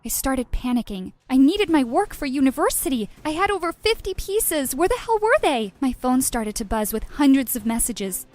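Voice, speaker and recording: A woman's voice: sits high, lively intonation, moderate pace, few pauses, a little mellow, soft background music. A woman narrating a first-person storytime in a dramatic, emotional way.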